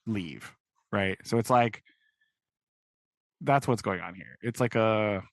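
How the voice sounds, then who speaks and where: A man's voice: lowish voice, slow pace, dry recording. A young man co-hosting a podcast, recapping a book in a rambling way, full of "like" and "right?". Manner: rambling, filler-heavy, keeps asking "right?". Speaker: podcast co-host. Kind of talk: casual book discussion.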